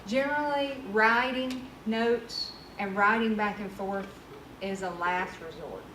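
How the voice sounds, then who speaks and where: A woman's voice: mid-range voice, slow pace, a bit bright. A woman trainer giving a casual workshop presentation, candid and conversational. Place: training room. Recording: echoey room from far off with noise.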